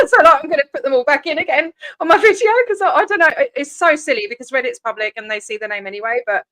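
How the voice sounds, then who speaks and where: A woman hosts a casual livestream chat with a bright, slightly high voice. She talks in an animated, blunt way, swears freely and laughs quickly between points. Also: dry recording. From Australia. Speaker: livestream host.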